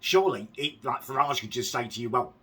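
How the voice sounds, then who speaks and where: A man rants through a reaction video in a sarcastic, exasperated way. His voice is bright and very husky, with a lively, bouncing pitch. He sits some way back from the microphone. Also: fast talker, recorded from a distance. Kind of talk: casual reaction commentary.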